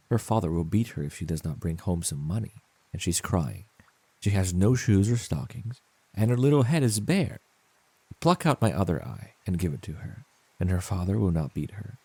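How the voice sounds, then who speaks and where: Man doing a sad gentle prince statue, deep husky voice, solemn. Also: sing-song, moderate pace, dry recording, full character voice. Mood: sorrowful. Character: noble, sorrowful prince statue, male, selfless.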